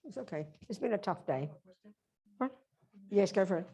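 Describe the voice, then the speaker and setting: Animated, emphatic woman teaching a workshop. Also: mid-range voice, moderate pace. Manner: emphatic, direct, addresses audience. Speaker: Buddhist teacher.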